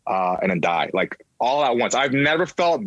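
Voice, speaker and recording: A man's voice: medium pitch, big pitch swings, normal speed, fairly bright tone, no echo, highs cut off. A man in his thirties, a podcast guest, telling his personal story candidly, swearing freely and acting out voices of people in it.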